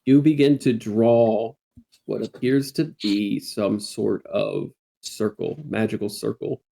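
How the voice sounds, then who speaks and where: Mellow low-voiced man narrating a tabletop game. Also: fairly even intonation, slow, creaky. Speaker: dungeon master.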